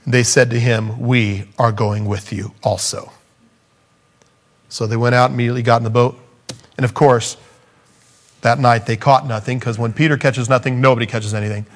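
A man preaching a sermon, acting out the scripture quotes and rising up in pitch for emphasis, then dropping low on key points. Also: steady tone, fairly quick.

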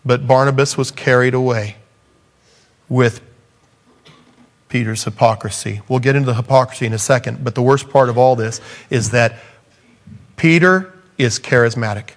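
A man preaching a sermon, acting out the scripture quotes and rising up in pitch for emphasis, then dropping low on key points. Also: moderate pace, long pauses.

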